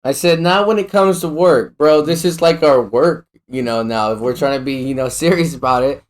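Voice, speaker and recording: A man's voice: mid-range voice, normal speed. A man co-hosting a podcast, telling stories in loose, profane casual chat. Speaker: podcast co-host.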